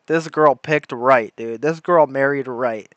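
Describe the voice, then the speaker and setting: A man's voice: medium pitch, takes it slowly, fairly bright tone, dry recording, lo-fi sound. A man hosting a livestream, giving loose irreverent commentary with laughs. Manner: irreverent, laughing, says dude a lot. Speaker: livestream host. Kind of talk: casual commentary.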